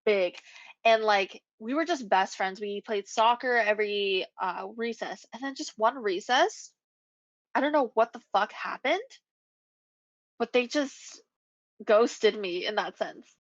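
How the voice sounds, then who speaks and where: A woman's voice: medium pitch, unhurried, dry recording. Young woman telling a profane story. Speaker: podcast co-host. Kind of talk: casual chat. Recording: dull lo-fi recording.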